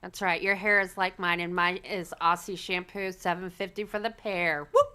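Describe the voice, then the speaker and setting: A woman co-hosting a livestream from an airport in casual chat, sassy and animated, laughing often. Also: on the low side, normal speed, clean tone. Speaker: livestream co-host.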